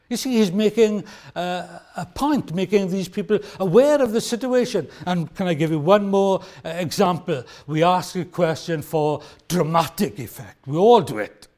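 A man preaching a sermon, expressive and emphatic, acting out the questions he quotes and slowing down to stress key words. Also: high voice.

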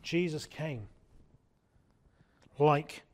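A man's voice: a little high, drawn-out words, a little mellow. A man preaching a sermon in an earnest way, often asking his congregation rhetorical questions.

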